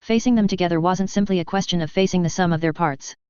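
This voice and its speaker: Steady first-person audiobook narrator; smooth tone, slightly dull, muffled recording. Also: mid-range voice, quick pace, no room sound.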